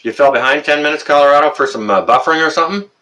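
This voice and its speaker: Chatty Canadian man, bright tone. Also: on the high side, racing, lo-fi sound. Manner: chatty, rambling, many uh fillers. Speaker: live stream host. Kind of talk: casual live stream chat reading comments.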